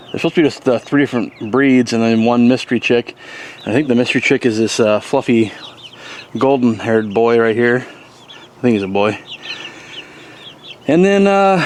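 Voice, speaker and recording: A man's voice: mid-range voice, normal speed, long pauses, a little hiss or hum. A man giving a casual, rambling tour of his homestead garden and animals, with plenty of fillers. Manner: relaxed, rambling, many fillers. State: has the hiccups. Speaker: homesteader vlogger. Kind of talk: casual walking tour commentary. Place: outdoors on a homestead.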